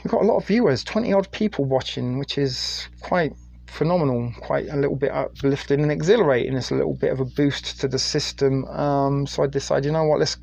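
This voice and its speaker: A man's voice: medium pitch, fairly quick, creaky, a little mellow, husky. A middle-aged British man from the UK hosting a crude, rambling late-night live stream on his phone and reading viewer chat aloud. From United Kingdom.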